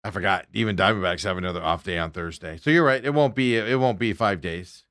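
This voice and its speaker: A man's voice: sits low, fast, no room sound, clean studio sound. A middle-aged man hosting a sports talk show, ranting with strong opinions and mocking the people he talks about. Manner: animated ranting, mocking impressions of players.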